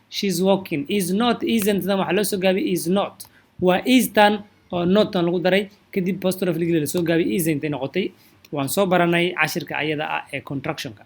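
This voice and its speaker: A man from Somalia teaching an online grammar lesson. He explains quickly, then slows right down to say each example sentence with care. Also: sits high. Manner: switches between quick explanations and slow, deliberate example sentences. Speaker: English teacher.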